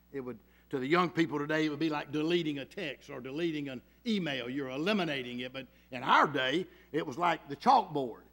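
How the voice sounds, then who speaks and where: A man preaching a sermon, swinging from loud emphasis to hushed tones and acting out the voices in his stories. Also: medium pitch. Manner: acts out quoted voices in storytelling.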